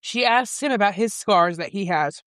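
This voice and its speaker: Deadpan woman recapping a plot. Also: mid-range voice, moderate pace, dry recording, clean studio sound. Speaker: podcast host summarizing a book. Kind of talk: casual chat.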